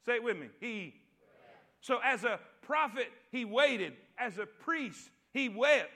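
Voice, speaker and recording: A male preacher delivering a church sermon, repeating phrases and calling for responses until he is shouting. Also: very high voice, lively intonation, slow. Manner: repetitive, call-and-response preaching that builds to shouts.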